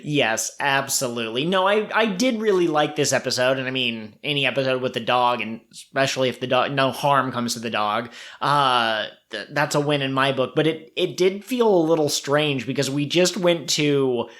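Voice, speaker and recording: A man co-hosting a podcast in casual chat, who laughs often and jumps his voice up high to quote characters. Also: moderate pace, hardly any pauses, a bit bright. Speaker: podcast co-host.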